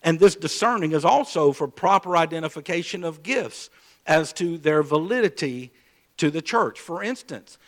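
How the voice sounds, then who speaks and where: A man with a slightly high voice preaches, telling a personal story to his listeners. He drops into hushed, low intensity and then climbs into loud, raised emphasis, repeating and restarting words as he goes. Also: animated, normal speed. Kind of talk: sermon testimony.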